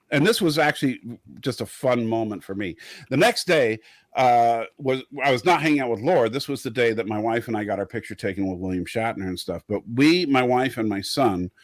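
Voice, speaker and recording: A man's voice: mid-range voice, no room sound. A middle-aged man with a West Coast American accent, telling a rambling story in casual chat as a podcast co-host. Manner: rambling storyteller, many fillers.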